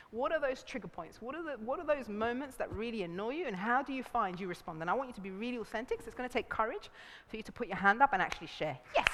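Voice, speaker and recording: Her voice a little high, a woman runs a relationships seminar with animated energy, frequently laughing and performing voices in quotes. The seminar room audio has long hall reverb and a little hiss or hum.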